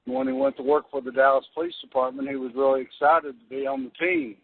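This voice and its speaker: Husky gravelly guy telling a story on the radio, low-key. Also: very animated, fast talker, dry recording. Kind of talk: casual radio chat. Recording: tinny phone-line radio sound.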